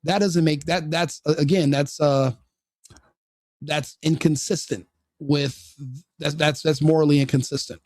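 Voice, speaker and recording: A man's voice: a little high, fairly even intonation, a little slow, darkish tone, no room sound, studio quality. A man hosting a live stream, giving opinionated commentary full of rhetorical questions and repeated restarts. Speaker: streamer host.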